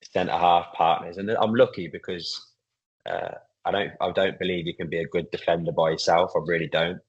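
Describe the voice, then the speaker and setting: Footballer guy in his 30s, low flat voice, laid-back, says mate a lot. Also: breathy edge, highs cut off. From England. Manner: relaxed and chatty, many fillers and "mate". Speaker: footballer and club captain, podcast guest. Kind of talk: casual interview chat.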